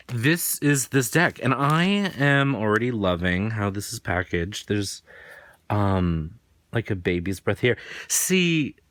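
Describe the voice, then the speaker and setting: A man's voice: fairly low pitch, fairly bright tone. A man with a faint New England accent, chatting casually and rambling through an unboxing as host. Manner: rambling, chatty, self-deprecating. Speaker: tarot reader and host.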